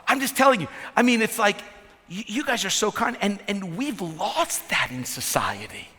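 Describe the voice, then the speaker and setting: Male pastor, northern US upbringing, fairly high bright voice, lively sermon delivery. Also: slightly rough. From northern United States. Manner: lively, animated preaching with asides and quick repeats. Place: large church hall. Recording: church hall reverb with soft music.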